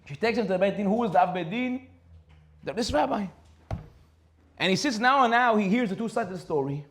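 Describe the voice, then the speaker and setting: Rabbi guy giving a torah class, high voice, talks super fast, acts out all the characters. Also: slight background noise. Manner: animated, acts out dialogue in a story.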